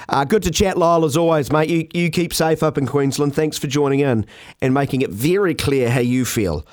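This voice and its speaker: A man's voice: fairly high pitch, fairly quick, dry recording, studio quality. A man with a New Zealand accent hosting talkback radio, easygoing, stumbling over restarts and calling callers mate.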